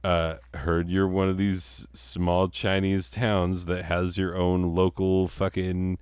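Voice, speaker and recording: A man's voice: low-pitched, monotone, slow pace, darkish tone, smooth, no room sound. A man doing a cocky trash-talking martial arts drifter. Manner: brash, swaggering, profane trash talk.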